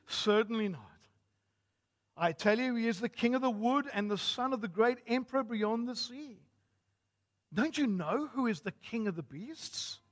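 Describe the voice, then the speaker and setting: A man's voice: sits high, expressive, slow pace, long pauses, husky, exaggerated voice. A man voicing a stern, homely male beaver who speaks with emphatic certainty, read aloud from a storybook.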